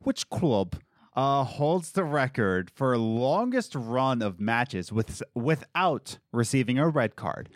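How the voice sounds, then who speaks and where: A man's voice: mid-range voice, slow, dry recording, clean studio sound. A man hosting a casual podcast, reading out quiz questions and joking with his guests. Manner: animated, laughing, quizzing a guest. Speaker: podcast host.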